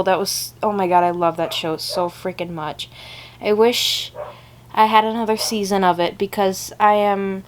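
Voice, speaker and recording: Young woman, casual vlogger, chatty and gushing, mid-pitched, rambling delivery. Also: normal speed. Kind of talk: casual reading vlog chat.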